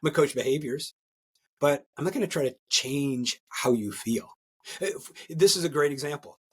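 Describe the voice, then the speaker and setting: A husky man with a fairly high voice, explaining leadership ideas in a lively podcast chat. He talks with emphatic energy, keeps checking in with "right?", and trips over repeated words when excited. His tone is slightly raspy throughout. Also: normal speed. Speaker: executive coach and guest. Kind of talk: conversational podcast interview.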